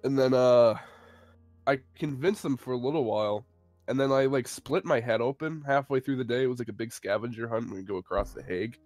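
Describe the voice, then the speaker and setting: A man's voice: mid-range voice, a little fast, darkish tone, dry recording. Young guy telling a rambly story, swears a ton, faint music behind. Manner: rambling, swears a lot, self-mocking. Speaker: co-host of a live stream. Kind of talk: casual chat, rambling anecdote.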